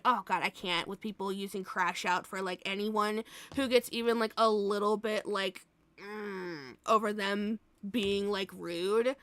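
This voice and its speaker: A woman's voice: medium pitch, measured pace, pushed and bright, no room sound. A young adult woman streaming live, chatting casually with viewers in a blunt way, swearing freely and laughing often.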